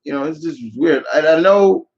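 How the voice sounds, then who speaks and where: A man's voice: fairly high pitch, moderate pace, muffled recording. A man hosting a live viewer Q&A, giving opinionated answers that ramble with frequent restarts. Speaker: channel host answering viewer questions. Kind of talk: live Q&A chat.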